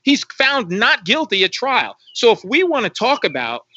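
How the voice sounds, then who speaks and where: A man's voice: extremely high pitch, wildly swooping pitch, normal speed, sharp tone, no room sound, lo-fi sound. A man speaking as an interview guest on a live stream, emphatic and repetitive, asking rhetorical questions. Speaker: guest commentator on policing.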